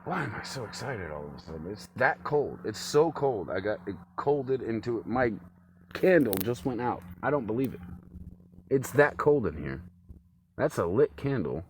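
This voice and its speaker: A man ranting alone to camera in a cold room at home, swearing freely and swinging between loud outbursts and low muttering. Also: big pitch swings, normal speed, a little hiss or hum. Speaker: vlogger. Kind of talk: rambling solo rant to camera.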